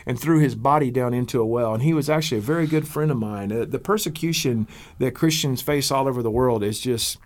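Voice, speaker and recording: A middle-aged American man, a pastor, telling a story in an interview in an earnest, halting way, with fillers and repeated words. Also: medium pitch. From United States.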